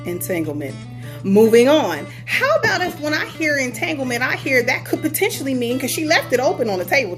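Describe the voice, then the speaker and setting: A woman hosting her own show, chatting in a sassy, playful way and talking straight to her listeners. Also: a little high. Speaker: podcast host. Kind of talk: casual commentary.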